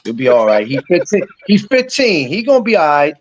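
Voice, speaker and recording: A man's voice: fairly high pitch, very animated, quick pace, highs cut off. A middle-aged man in casual chat, earnest and repeating his points.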